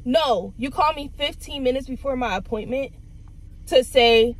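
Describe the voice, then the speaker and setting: A woman's voice: high-pitched, measured pace, poor audio. A young woman, venting exasperated rants to her vlog camera from her car. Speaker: vlogger.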